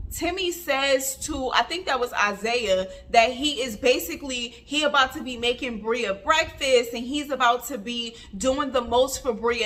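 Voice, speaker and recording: A woman's voice: a little high, fairly bright tone. A woman giving a casual vlog review of a reality TV episode, chatty and emphatic, with lots of filler words.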